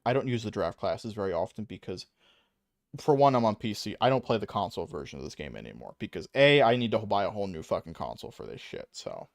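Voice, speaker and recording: Fast and creaky, a young man's low-leaning voice leaps around in pitch as he streams a game, rambling, cursing heavily, laughing often and making fun of himself. There's no echo on the recording.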